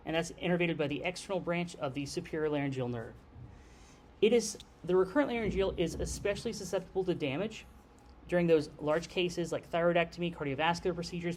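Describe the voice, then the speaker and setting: A man's voice: fairly high pitch, slight background noise. A man giving a lecture on airway anesthesia in a conversational way, often checking in with the class by asking "okay?". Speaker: nurse anesthesia instructor.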